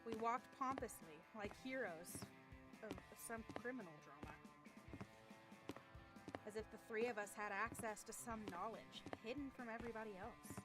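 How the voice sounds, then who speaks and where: A woman streamer reading a horror game's story aloud, breaking off now and then for quick asides. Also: on the high side. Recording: game music behind voice.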